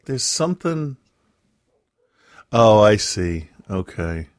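A man's voice: on the low side, sing-song, slow pace, no echo. A man in a casual call, asking questions and joking with dry teasing. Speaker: friend on the call. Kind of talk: casual chat.

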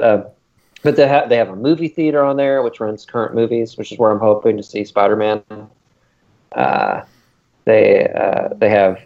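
A man's voice: on the low side, a little mellow. A man co-hosting a podcast in casual chat, rambling with plenty of ums and uhs. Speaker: podcast co-host. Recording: dull lo-fi recording.

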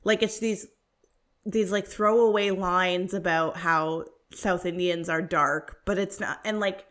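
Co-host, woman. Chatty, animated film talk, loose and filler-heavy. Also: lowish voice, a little slow. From North America. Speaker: podcast co-host. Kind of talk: casual chat.

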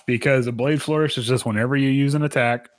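A man's voice: medium pitch, fairly even intonation, fast, a little hiss or hum. A man co-hosting a casual podcast who laughs often, swears freely and reads game rules aloud. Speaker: podcast co-host. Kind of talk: casual chat.

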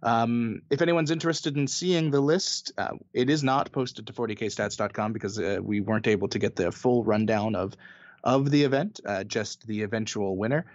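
A man's voice: on the low side, normal speed, dry recording. Dry-witted man on a dull, dry mic. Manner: dry teasing humor. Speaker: podcast co-host.

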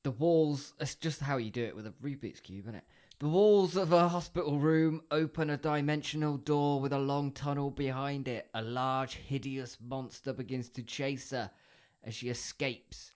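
A man's voice: medium pitch, fairly even intonation, normal speed, darkish tone. Male co-host, casual and jokey, recaps plots with a laugh. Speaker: podcast co-host. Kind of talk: casual chat and plot recap.

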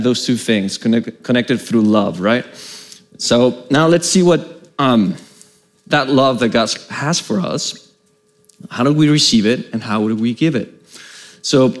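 A man preaching a sermon, praying and reading scripture aloud in a loose, halting way with many restarts. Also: medium pitch.

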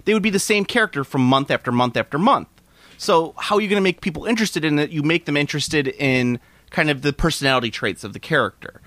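A man's voice: mid-range voice, fairly bright tone, no echo. A man in casual conversation, reviewing a movie with a co-host. He talks eagerly and rambles, often restarting mid-sentence. His voice is recorded close and dry, with no room sound. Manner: enthusiastic, rambling with frequent restarts. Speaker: podcast co-host reviewing a film. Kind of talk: casual chat.

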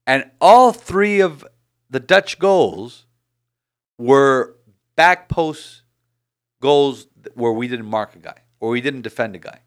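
Animated man chatting about sports. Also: medium pitch, slow pace, clean tone. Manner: animated, rambling, frequent restarts. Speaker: podcast host. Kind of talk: casual sports chat.

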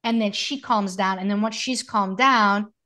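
A woman's voice: medium pitch, a little slow, pushed and bright. A woman in her thirties in casual conversation as a podcast co-host, speaking earnestly and reflectively in long flowing thoughts.

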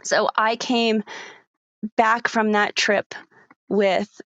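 A woman's voice: mid-range voice, little pitch movement, extremely slow, long pauses, a bit bright, no room sound, dull audio. A woman in her forties, a parenting coach telling her story in an interview, earnest, with many fillers and restarts.

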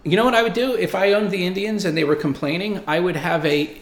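A man's voice: high-pitched, steady tone, fast talker, echoey room. A man in his forties hosting a show, telling stories and reading viewer comments in a rambling, profane, emphatic way. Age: 40s. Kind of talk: casual monologue.

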